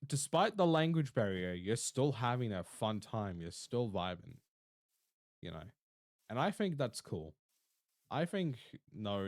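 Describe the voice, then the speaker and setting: A young man with an Australian accent, chatting casually and rambling to his stream viewers, often swearing and talking fast. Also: on the low side, sing-song, no echo, studio quality. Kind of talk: casual livestream chat to viewers.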